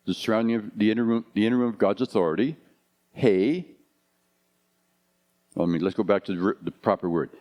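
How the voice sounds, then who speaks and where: A low-pitched man in his fifties preaches to his congregation. He talks in a loose, conversational way, turning his points into rhetorical questions. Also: a little mellow. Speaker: pastor. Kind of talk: sermon.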